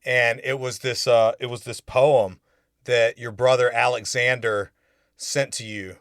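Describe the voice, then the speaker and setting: A man's voice: mid-range voice, steady tone, a little slow, dry recording, studio quality. A male podcast co-host speaking casually and appreciatively.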